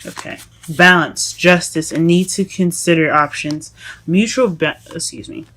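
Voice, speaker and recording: A woman giving a casual tarot reading to her viewers, halting and self-correcting as she goes, often calling them "guys". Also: on the low side, a bit bright. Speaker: tarot reader.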